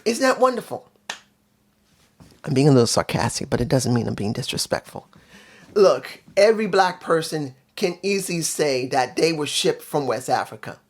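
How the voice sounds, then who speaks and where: A man's voice: on the high side, expressive, moderate pace, a little mellow. A man hosting his own channel, giving a casual spoken review in a blunt, emphatic way with dry sarcasm, often repeating his points. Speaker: show reviewer, channel host.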